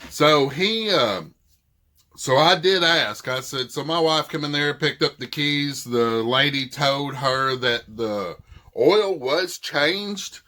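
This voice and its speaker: A man's voice: a little high, expressive, takes it slowly, pushed and bright. A middle-aged man with a thick Southern accent, casually retelling a dispute and quoting what each side said. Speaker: vlogger. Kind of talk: casual storytelling.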